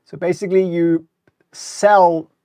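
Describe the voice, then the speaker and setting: A man's voice: high voice, level tone, takes it slowly, dark tone, smooth, no room sound, studio quality. A middle-aged man from Germany with a German accent mixed with British English, casually commenting on markets in a live stream, often repeating words and answering viewer questions. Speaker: host.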